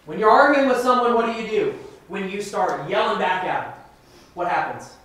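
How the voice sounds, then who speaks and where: A minister teaching a Bible class, emphatic and conversational, asking the class questions. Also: male voice, high voice, expressive, moderate pace, fairly bright tone. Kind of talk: interactive Bible class sermon. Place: church classroom. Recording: echoey room from far off, faint noise.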